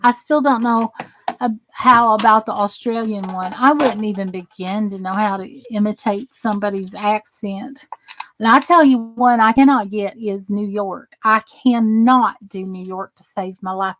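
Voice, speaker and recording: A woman's voice: medium pitch, fairly even intonation, measured pace, a bit bright, a little hiss or hum, poor audio. A woman with a Southern US accent, hosting a crafting channel, demonstrating a die-cutting machine and chatting with live viewers. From American South. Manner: chatty, rambling, reads chat aloud while working. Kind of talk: casual craft demo and live chat.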